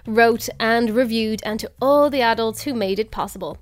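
An Irish woman presents a children's book show with a high, bright-pitched voice, talking playfully and directly to the young listeners. Soft music runs faintly underneath her. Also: normal speed, hardly any pauses. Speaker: radio show host. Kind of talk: upbeat scripted presenting.

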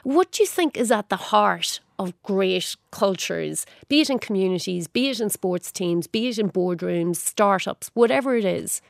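A woman hosting an interview, asking measured, polished questions and wrapping up the segment. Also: mid-range voice, lively intonation, gravelly, no room sound, studio quality. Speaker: radio interviewer. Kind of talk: broadcast interview.

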